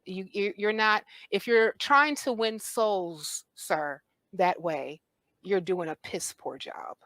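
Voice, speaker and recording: A woman's voice: medium pitch, takes it slowly, a bit bright, no echo. A woman co-hosting a call-in show, blunt and sarcastic. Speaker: co-host. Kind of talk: casual call-in show chat.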